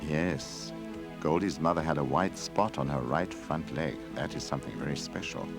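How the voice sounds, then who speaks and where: A man voicing an ancient sorrowful tree in a storybook game, speaking quietly and slowly. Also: very deep voice, creaky, music in the background. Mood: hushed.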